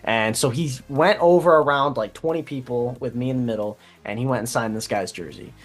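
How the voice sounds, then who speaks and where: A young man on a casual sports podcast, telling an animated story and laughing as he goes. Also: fairly quick. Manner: animated, laughing, imitating people in a high voice. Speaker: podcast co-host.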